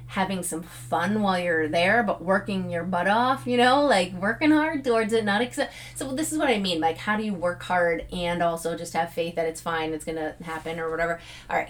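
Middle-aged woman podcaster, chatty, laughs a lot, lots of "like" and "you know". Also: medium pitch. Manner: chatty, laughs often, frequent fillers. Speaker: podcast host. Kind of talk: casual motivational talk.

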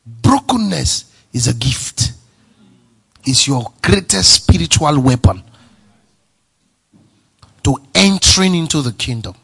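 A male pastor preaching a sermon, emphatic and repetitive, swinging from soft to near-shouting. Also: fairly high pitch, very animated, slow pace, vocal fry, long pauses, husky.

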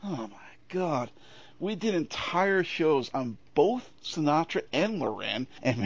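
A man's voice: fairly high pitch, gravelly, lo-fi sound. A man co-hosting a casual film review podcast, sardonic, opinionated and freely profane. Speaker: podcast co-host.

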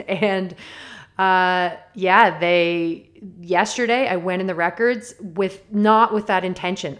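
Woman, podcast host, lowish voice, bubbly and self-deprecating, rambles and giggles. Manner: chatty and self-deprecating, laughs often and digresses; enthusiastic and upbeat. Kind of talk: casual solo podcast monologue.

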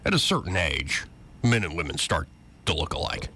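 A man's voice: low-pitched, very animated, moderate pace, pushed and bright, slight background noise. A man hosting a political talk radio show, blunt, joking and opinionated.

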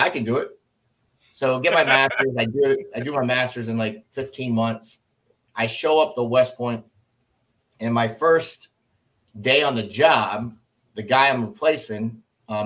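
A middle-aged man recounts his army days in an easygoing, conversational way. His voice sits in a middle register but springs upward whenever he mimics someone else's words, giving the tale a lively, theatrical bounce. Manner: animated, acts out quoted dialogue with jumps in pitch. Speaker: former army officer telling his story. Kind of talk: casual storytelling in a conversation.

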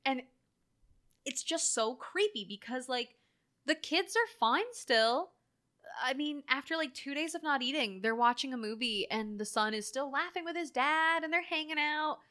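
A woman with a bright, fairly high voice co-hosts a relaxed conversation. She talks in an animated way with many filler words and acts out quoted lines as she goes. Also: moderate pace. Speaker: podcast co-host. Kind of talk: casual chat reviewing a horror film.

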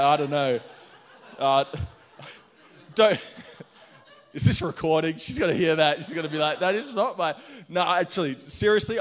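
A middle-aged man from Australia preaching a sermon, energetic and chatty, telling stories with laughs. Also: mid-range voice. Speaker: pastor.

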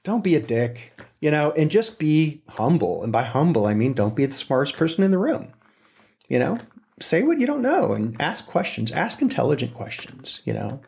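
Animated male storyteller, lively pitch. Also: normal speed, gravelly. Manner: animated, acts out quotes with voices; frequent fillers and restarts. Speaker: interview guest. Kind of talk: casual storytelling.

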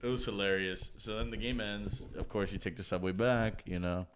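Excitable young man telling a story. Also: on the low side, moderate pace, a little hiss or hum. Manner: excitable, swears a lot, laughs mid-story. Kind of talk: casual storytelling chat.

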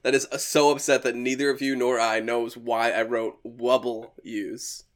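A man's voice: mid-range voice, level tone, a little slow. Laughing, rambling podcast host man. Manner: laughs often, rambling with restarts. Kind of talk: casual podcast chat.

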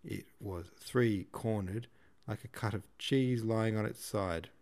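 A man hosting a podcast, reading a classic novel aloud in a steady, measured way. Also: lowish voice, vocal fry. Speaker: podcast host and reader.

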